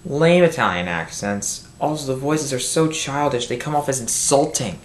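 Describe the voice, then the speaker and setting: A fed-up film reviewer tears into a movie in an exasperated, rambling rant from a room at home, cursing and often breaking off to restart sentences. His middling-pitched voice is animated, at a moderate pace with few pauses, captured by a built-in camera mic in a roomy, echoing space with a faint hiss.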